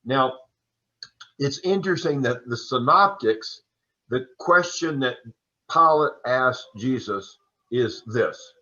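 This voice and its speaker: A man teaching an adult Sunday school class, lecturing on scripture in a relaxed, chatty way with folksy asides. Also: medium pitch, slow pace. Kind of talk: conversational Bible lecture. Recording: dull lo-fi recording.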